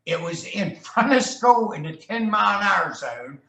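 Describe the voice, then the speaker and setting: This charity ride founder, appearing as a guest, has a high, animated voice that is gravelly, bright and forceful at a moderate pace. His casual storytelling wanders and jokes along, and he slips into voices for quoted people, all in an echoey room.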